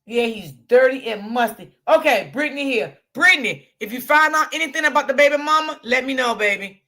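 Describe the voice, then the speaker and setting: Loud high-voiced woman livestream host. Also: animated, brisk. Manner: loud, laughing, profane, talks to chat. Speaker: commentary channel host. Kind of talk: casual livestream commentary.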